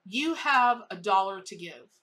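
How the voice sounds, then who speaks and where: A woman's voice: medium pitch, animated, a little slow, pushed and bright. A woman tarot reader telling a story in a casual reading, emphatic and full of repetition.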